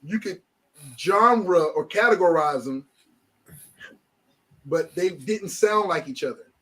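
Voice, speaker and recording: A middle-aged man hosts a podcast in easy, casual chat. His voice sits fairly high for a man, and he rambles along animatedly, restarting his sentences. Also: expressive, slow pace, sharp tone. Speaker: podcast host.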